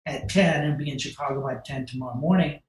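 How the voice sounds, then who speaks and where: A man's voice: medium pitch, quick pace, echoey room, slight background noise, close to an everyday voice, rough recording. A man quoting a pushy woman agent. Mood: insistent. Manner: brash, insistent, commanding.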